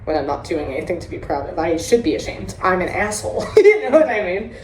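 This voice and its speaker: A woman hosts a candid recovery podcast, telling her stories in a blunt, animated way and swearing often. Her voice sits a little low. The room is echoey, with a faint hiss underneath. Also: quick pace. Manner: blunt, profane and animated storytelling. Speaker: podcast host. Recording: roomy echo with faint hiss.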